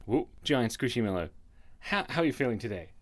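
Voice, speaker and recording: A man's voice: medium pitch, sing-song, a little fast. A man in his thirties from Australia hosting a comedy vlog, playful and self-mocking and often laughing. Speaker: comedy YouTuber host.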